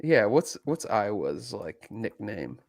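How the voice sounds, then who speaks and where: A man's voice: on the low side, very animated, slow pace, no echo, studio quality. A man co-hosting a live fishing podcast, chatting casually, often joking and laughing, with many ums. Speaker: podcast co-host.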